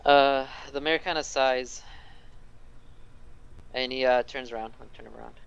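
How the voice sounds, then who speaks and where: A man narrating as game master of a tabletop game, relaxed and loose with fillers. His voice sits in a middle range and is smooth and resonant. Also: mid-range voice, a little slow, dull audio.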